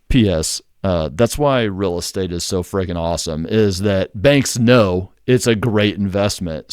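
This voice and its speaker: A man's voice: on the low side, a little mellow, dry recording, clean studio sound. A man, hosting a real estate investing channel, explaining in a blunt, conversational and emphatic way. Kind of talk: casual explainer to camera.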